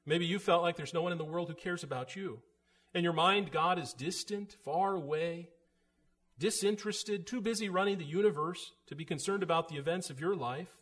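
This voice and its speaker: A man's voice: high voice, normal speed, a bit bright. A man preaching a sermon in an earnest, emphatic way, voice rising for emphasis.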